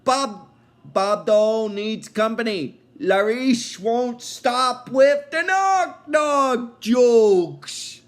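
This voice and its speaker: A man voicing a pompous old male politician's head, slow and loud, speaking in third person. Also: very high-pitched, expressive, voice pushed up, exaggerated voice. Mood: blustering.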